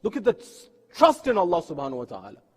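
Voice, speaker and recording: A male preacher gives a sermon full of earnest storytelling and rhetorical questions, his voice high for a man and slightly rough. He moves quickly with huge swings in pitch, and the long reverb of a mosque hall surrounds the sound.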